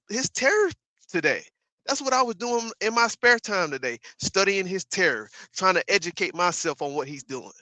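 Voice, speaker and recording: A man's voice: high-pitched, bright, forceful tone, dry recording. A man giving casual livestream commentary, ranting emphatically and profanely with repeated asides to his viewers.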